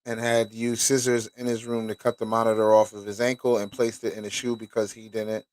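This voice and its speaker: A man's voice: fairly low pitch, little pitch movement, brisk, darkish tone, no room sound. A man hosting a show, reading documents aloud and stopping to react with casual, profane commentary. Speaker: host.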